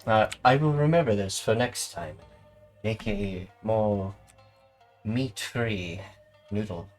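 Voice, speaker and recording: A man's voice: on the low side, slow, soft background music. A man running an online tabletop game as game master, chuckling in a playful, easygoing way.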